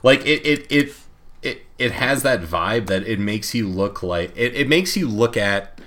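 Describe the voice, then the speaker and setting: Young male co-host, very low and bright, lively pitch swings, rambling and filler-heavy. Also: a little slow. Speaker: podcast co-host. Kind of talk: casual chat.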